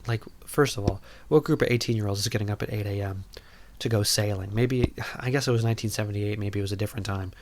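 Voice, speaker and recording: Man, podcast host, low voice, casual movie recap, rambling, jokey, lots of filler words. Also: fast, noisy background. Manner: rambling, full of "like" and "you know"; jokey and irreverent.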